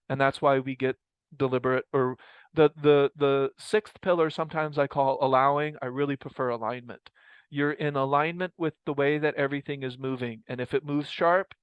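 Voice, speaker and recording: A man with a clear, resonant, medium-pitched voice teaches mindfulness to a study group in a relaxed, informal talk. He muses reflectively and keeps correcting himself, and the recording is dry with poor audio quality.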